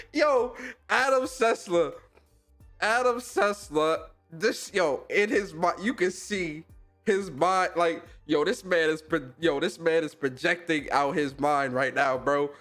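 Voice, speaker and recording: A man's voice: a little high, slow pace, soft background music. A young man hosting a podcast, reacting to clips in casual, slangy commentary and laughing often. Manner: animated, slangy, laughs a lot.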